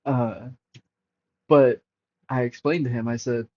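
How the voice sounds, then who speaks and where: A man hosting a crypto livestream, talking casually and excitably over charts and swearing freely to his chat. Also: medium pitch, unhurried, long pauses. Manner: profane, excitable, talks to chat. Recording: dull lo-fi stream audio.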